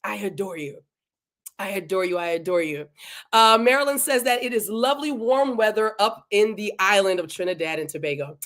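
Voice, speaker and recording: A woman's voice: mid-range voice, brisk, a bit bright. A woman hosting a live podcast, greeting viewers one by one and talking to them in an effusive, repetitive way. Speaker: podcast host. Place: home in Delaware.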